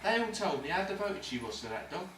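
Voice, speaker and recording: A man's voice: high-pitched, big pitch swings, quick pace, a bit bright. An actor playing a cynical, swaggering ladies' man in a hospital ward, lecturing in slang. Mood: scornful. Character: cocky London ladies' man, cynical patient. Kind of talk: amateur stage-style film acting. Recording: echoey room, distant mic, faint noise.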